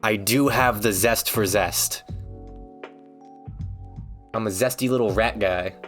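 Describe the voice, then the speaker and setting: A man's voice: lowish voice, slow pace, fairly bright tone, faint music behind. A man streaming, ranting casually in a rambling, joking, foul-mouthed way. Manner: rambling, profane, joking rants.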